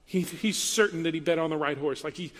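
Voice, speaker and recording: A man preaching in a sermon voices an anxious male messenger who pleads in hurried, rising questions. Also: fairly high pitch, in a large hall, natural voice.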